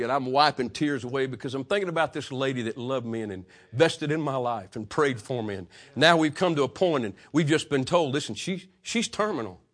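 A man preaching a sermon, swinging from loud, passionate peaks to hushed, quiet stretches. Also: mid-range voice. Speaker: pastor.

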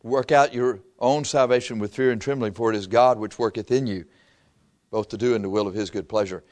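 A man preaching a sermon, acting out little scenes and swinging from loud outbursts to hushed asides. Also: medium pitch, fairly even intonation, fairly quick.

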